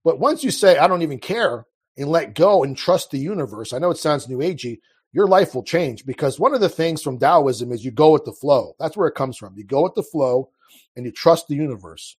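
A man with a husky, slightly breathy voice that sits a little high for a man. He talks earnestly and with passion, often breaking off and restarting his sentences in a loose, conversational flow. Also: animated, fairly quick, a little mellow. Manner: earnest, impassioned, with frequent restarts. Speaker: podcast guest. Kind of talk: casual conversational monologue.

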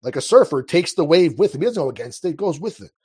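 Husky-voiced man talking earnestly. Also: a little high, sing-song, fast talker, a little mellow. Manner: earnest, impassioned, with frequent restarts. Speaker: podcast guest. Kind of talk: casual conversational monologue.

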